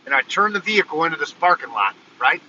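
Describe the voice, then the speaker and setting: Excitable man telling a story, bright voice. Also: fairly high pitch, fast talker, lo-fi sound, a little hiss or hum. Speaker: vlogger. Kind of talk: casual storytelling vlog. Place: in a car, then walking outdoors.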